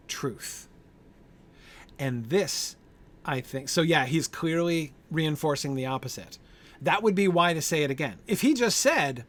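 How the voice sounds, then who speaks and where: Leading a casual Bible study, a man with a voice on the high side thinks aloud through many fillers. He often checks in with "right?" and addresses members by name when answering.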